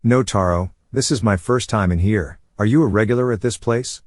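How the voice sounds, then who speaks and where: A man voicing a cold, level-headed ninja teacher who speaks in a flat monotone. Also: on the low side, normal speed, no room sound, close to an everyday voice. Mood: cold restraint. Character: calm masked male ninja teacher, cold.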